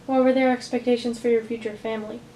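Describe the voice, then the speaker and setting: A woman's voice: fairly high pitch, flat delivery, quick pace, mellow. A woman interviewing an older man, asking short, direct questions and giving brief acknowledgments. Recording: roomy, distant mic with faint noise.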